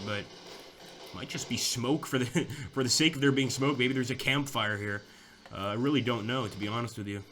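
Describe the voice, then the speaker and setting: A man's voice: medium pitch, background noise. A young man giving casual, chatty commentary over a strategy war game, thinking aloud with fillers and restarts. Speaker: gameplay commentator.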